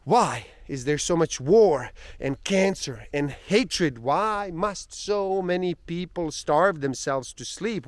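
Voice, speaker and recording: A man's voice: high-pitched, no echo, pitched above the performer's own voice. A man doing a sobbing desperate man. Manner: pleading, shouting questions. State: crying. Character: desperate man crying out to God.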